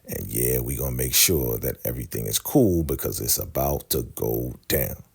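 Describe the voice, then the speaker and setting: A young man recapping a TV episode in casual narration, retelling the scenes through quick snatches of quoted dialogue. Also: animated. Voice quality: very deep, gravelly voice. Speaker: show host recapping a TV episode.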